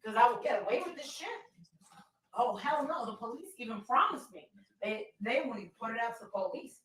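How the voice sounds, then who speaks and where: A woman hosting a livestream, loud and demanding, swearing constantly as she rants at her viewers. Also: on the high side, animated, a little fast, recorded from a distance, rough recording. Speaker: livestream host. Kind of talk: profane livestream rant.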